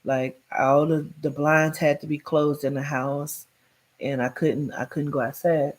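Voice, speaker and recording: A woman telling her own life story in a blunt, profane way, with many "like" fillers, swinging between loud emphasis and hushed tones. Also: deep voice, little pitch movement, measured pace. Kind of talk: candid personal storytelling.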